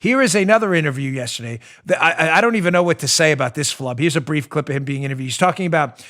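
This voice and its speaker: A man hosting a political talk show, animated and mocking, often breaking into laughter. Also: fairly high pitch, very fast. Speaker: host.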